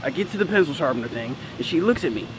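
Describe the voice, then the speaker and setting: Profane, animated teenage boy ranting. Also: a little high, rapid-fire, noisy background. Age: teens. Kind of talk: casual storytelling.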